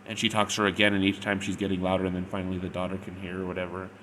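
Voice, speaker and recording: A man's voice: low voice, monotone, very fast, a bit bright, slight background noise. A man retelling a story in a casual, rambling way, with frequent "like" and "or whatever". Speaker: fanfic reviewer. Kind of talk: casual spoken review.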